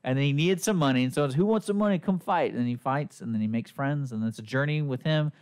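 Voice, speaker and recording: A man's voice: medium pitch, fast, clean tone. Middle-aged man telling a movie story. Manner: animated storytelling with acted-out quotes. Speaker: podcast host reviewing movies. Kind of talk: casual chat.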